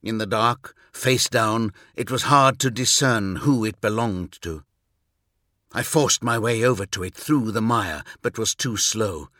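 A man reading a scripted first-person audiobook story, with measured, intense and vivid delivery. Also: lowish voice, bright, forceful tone, no echo, clean studio sound. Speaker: audiobook narrator.

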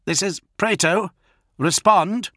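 A man's voice: sits high, takes it slowly, bright, forceful tone, no room sound, clean studio sound, pitched above the performer's own voice, heavily acted. A man voicing a desperate male psychic warrior in an audiobook, giving an urgent, strained warning. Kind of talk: audiobook character voice.

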